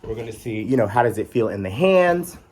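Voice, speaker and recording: A man's voice: medium pitch, big pitch swings, brisk, darkish tone. A young man with a chatty, rambling manner and playful sassy asides, talking casually as a vlog host. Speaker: tarot deck reviewer.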